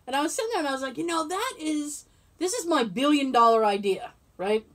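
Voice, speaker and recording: Woman, podcast co-host, casual chat, laughing storyteller, fairly high pitch. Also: a little fast. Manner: animated storyteller, laughs often.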